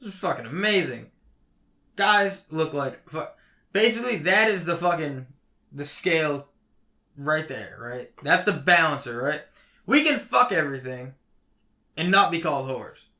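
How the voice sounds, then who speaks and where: A young man ranting heatedly on a casual podcast, swearing constantly and swinging between loud outbursts and low mutters. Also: lively intonation, measured pace, pauses often. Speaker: podcast co-host.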